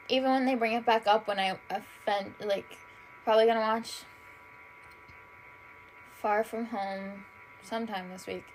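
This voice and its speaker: A woman's voice: on the high side, rough recording. A young woman hosting a solo podcast, rambling in casual chat with constant fillers and frequent swearing. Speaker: podcast host. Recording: faint background noise.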